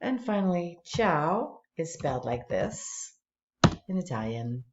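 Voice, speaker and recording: Slow and sing-song, a low-voiced woman French teacher takes students through an online flashcard tool step by step, explaining patiently. This screen-recorded tutorial has a noisy background. The echoey room and lo-fi recording leave the sound dull.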